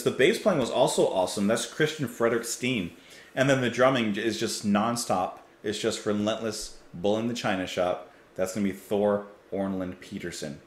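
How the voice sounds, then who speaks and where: A man hosting a music reaction video, chatting enthusiastically and stumbling over names. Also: medium pitch. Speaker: music reaction channel host. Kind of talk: casual reaction commentary. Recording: roomy echo.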